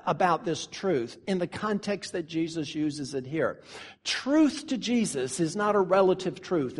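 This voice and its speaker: High-voiced man preaching in a hall. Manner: earnest preaching with dramatic pauses and slow emphasis. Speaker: pastor. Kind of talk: sermon.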